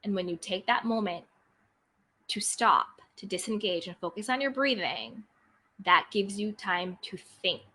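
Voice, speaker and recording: Bright-voiced woman giving calm self-help advice. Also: mid-range voice, a little slow, slightly rough. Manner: calm, earnest, repeats guiding phrases. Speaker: podcast host, self-help coach. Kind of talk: motivational self-help talk.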